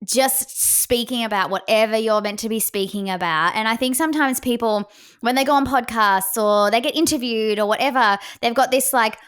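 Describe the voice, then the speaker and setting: A woman's voice: a little high, expressive, brisk, a bit bright. A young adult woman, a psychic medium, talking candidly in a casual podcast interview, acting out her own inner voice.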